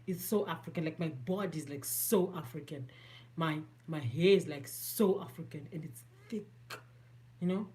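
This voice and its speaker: Warm in tone and low in pitch, a Zimbabwean-accented woman from Zimbabwe talks at a moderate pace through a casual makeup tutorial. The beauty vlogger jokes at her own expense and moves between English and Shona.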